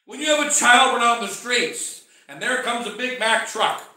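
A man, a bishop, preaching a sermon with passion, acting out quoted voices and swinging from loud outbursts to hushed asides. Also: very high voice, expressive, normal speed. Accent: American. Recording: very echoey church, mic far off.

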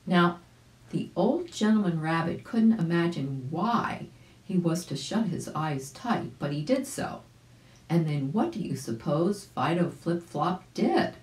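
A woman reading a children's story aloud as a volunteer reader, gentle, with small asides. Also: lowish voice, expressive, measured pace, reverberant, low-quality recording. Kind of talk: audiobook read-aloud for children.

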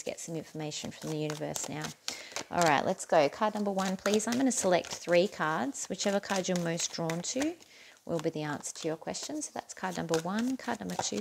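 A woman giving a casual, chatty tarot reading to camera, encouraging and quick to laugh at herself. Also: lowish voice, gravelly, background noise. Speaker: tarot reader.

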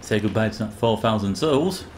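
A man's voice: on the low side, expressive, normal speed, slight background noise. A young man commentating his own game live, sarcastic and swearing, yelping when startled. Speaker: gamer playing live.

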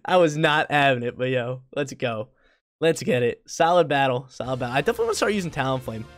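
Excitable young man commentating gameplay. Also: medium pitch, fast talker, soft background music. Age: young adult. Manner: excitable, slangy, bursts into loud hype. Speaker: gaming video creator.

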